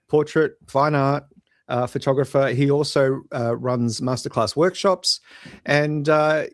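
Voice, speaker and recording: A man's voice: medium pitch, dry recording, studio quality. A man with an Australian accent hosting a podcast in a jokey, self-deprecating way, tripping over names. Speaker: podcast host. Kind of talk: casual podcast chat.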